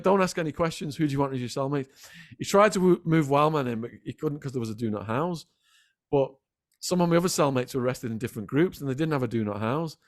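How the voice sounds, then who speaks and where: A middle-aged man, a podcast guest telling animated stories in a casual interview. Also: medium pitch, no room sound, studio quality. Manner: animated, quick anecdotal storytelling. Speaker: podcast guest, former prisoner.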